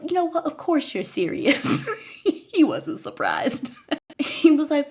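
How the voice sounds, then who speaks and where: A woman's voice: high-pitched, wildly swooping pitch, measured pace, long pauses, a little mellow. A woman in her thirties telling a comedic personal story to her viewers in a playful way, laughing often. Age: 30s. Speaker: vlogger.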